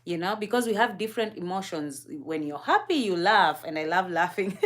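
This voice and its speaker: A woman's voice: fairly low pitch, animated, a little fast, few pauses, fairly bright tone. Chatty, curious woman from Kenya. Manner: curious, chatty, laughs often, addresses chat and co-host. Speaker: livestream co-host. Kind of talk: casual livestream chat.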